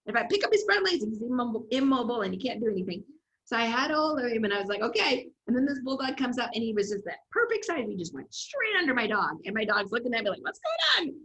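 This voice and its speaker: A woman development coach giving an upbeat, animated presentation on a video call, telling stories to her class. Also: a little high, fast talker, rough recording.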